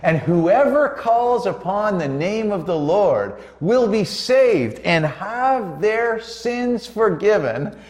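A man's voice: high-pitched, sing-song, a little mellow. A man preaching on a Christian talk show, fervent and emphatic, stretching out his key words. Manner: fervent, drawn-out emphatic delivery. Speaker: co-host preacher. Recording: roomy echo.

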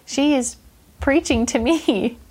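A woman's voice: sits high, slow, a little mellow. A woman nurse earnestly sharing a personal faith story in a casual chat, reflective and full of fillers.

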